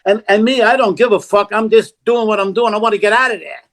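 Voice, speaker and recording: An older man tells a story as a podcast guest, with a voice set high for a man. He talks bluntly and often swears. He acts out every line of dialogue in the story. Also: quick pace. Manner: animated, acts out quoted dialogue, blunt and profane. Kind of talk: casual storytelling.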